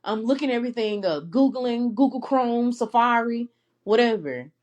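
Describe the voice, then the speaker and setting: Heartfelt young woman podcaster, slightly high. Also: expressive, normal speed, darkish tone, highs cut off. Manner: heartfelt and earnest, breaks into laughter between phrases; emotional, close to tears at times. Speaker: podcast host. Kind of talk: personal faith podcast monologue.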